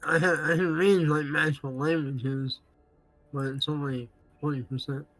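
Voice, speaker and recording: A man's voice: on the high side, steady tone, normal speed, fairly bright tone, soft background music, low-quality recording. A man playing a tabletop game, speaking in character in a hesitant way with fillers. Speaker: player. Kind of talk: casual tabletop play.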